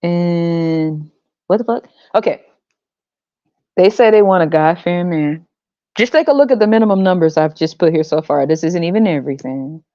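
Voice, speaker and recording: A woman's voice: lowish voice, no room sound, dull audio. Profane, exasperated woman podcast host. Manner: profane, exasperated, laughs often. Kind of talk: blunt ranting commentary.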